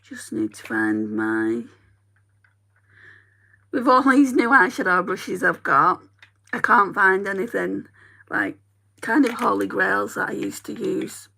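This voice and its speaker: Northern English beauty vlogger, chatty and rambling, crisp tone with a gravelly edge. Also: female voice, medium pitch, very animated, takes it slowly, pauses often, bright, forceful tone. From northern England. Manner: chatty, rambling, talks to viewers. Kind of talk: casual chat while doing makeup.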